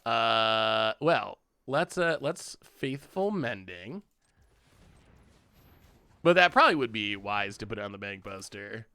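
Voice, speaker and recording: A man's voice: fairly low pitch, sing-song, slow pace, bright, forceful tone, clear, resonant tone, no echo. A man streaming himself playing a card game, chatting casually, often laughing and talking to his opponent and chat. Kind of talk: casual gameplay commentary.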